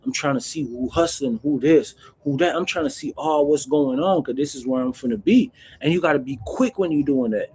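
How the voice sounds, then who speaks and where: A man hosting a casual live Q&A, talking bluntly in street slang and calling the viewer bro, with loud bursts when he acts out stories. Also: on the high side, expressive, brisk, vocal fry, hardly any pauses, a little hiss or hum. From Jamaica. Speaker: host answering viewer questions.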